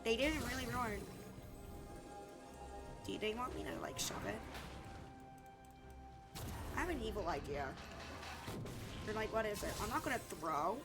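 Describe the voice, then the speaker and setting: Excitable young woman streamer, swearing. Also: on the high side, measured pace, long pauses. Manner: excitable, swearing, yelling at teammates. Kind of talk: live gameplay commentary. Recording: game music in background. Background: game music.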